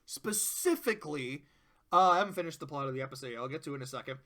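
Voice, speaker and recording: A man's voice: fairly high pitch, quick pace. A man casually recapping and reviewing cartoon episodes, swearing freely and acting out the characters' quotes. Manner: animated storyteller who swears and acts out quotes. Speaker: video reviewer.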